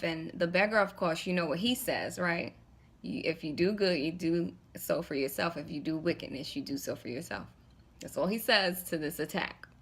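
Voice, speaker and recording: A woman's voice: on the low side, a bit bright. A woman vlogging, retelling a spiritual story in a casual, conversational way, often checking in with the viewer.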